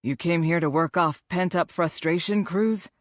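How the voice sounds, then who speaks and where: Woman narrator doing a blunt male fight coach, teasing, low voice, dry sound. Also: normal speed, no room sound, close to an everyday voice.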